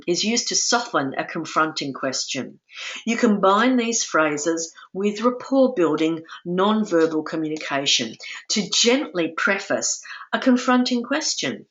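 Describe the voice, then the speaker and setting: A low-pitched woman teaches a lecture-style webinar lesson at a somewhat slow pace. Calm and instructive, she gently says sample phrases, and the sound is dull and muffled, as in a webinar recording.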